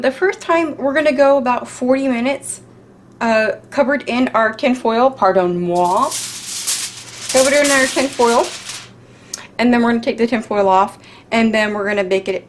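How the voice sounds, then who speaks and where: This is a middle-aged woman with a fairly high voice, and there's a slight hiss or hum in the recording. She hosts a laid-back home cooking vlog, chatting and joking while poking fun at herself.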